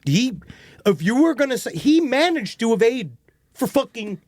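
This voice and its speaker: A man's voice: extremely high pitch, very animated, moderate pace, a little mellow, no echo. A man co-hosting a podcast, riffing in loose, profane, jokey banter. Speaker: podcast co-host. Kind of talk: casual joking banter.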